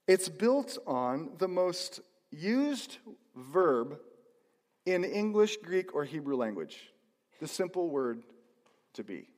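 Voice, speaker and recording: A man's voice: on the high side, very animated, takes it slowly, a little mellow. A man delivering a sermon as pastor, teaching in a conversational way and breaking into sudden emphatic swells. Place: church sanctuary. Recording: long hall reverb.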